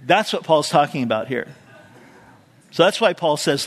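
Brief: a man preaching in a church, easygoing, plenty of asides, a fairly high voice, echoing hall. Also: a little slow, a bit bright. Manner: conversational, with asides and rhetorical questions. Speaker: pastor. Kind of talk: expository sermon. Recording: long hall reverb.

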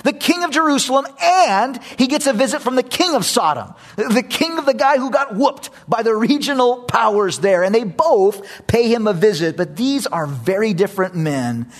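A man preaching a sermon, telling a story with animated energy and repeating phrases for emphasis. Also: high voice, moderate pace.

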